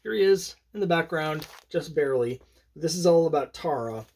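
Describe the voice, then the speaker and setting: A man's voice: on the high side, lively intonation, moderate pace, darkish tone, a little hiss or hum. A man casually talking through his comic collection, rambling and opinionated, with many fillers and restarts. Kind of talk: casual solo commentary.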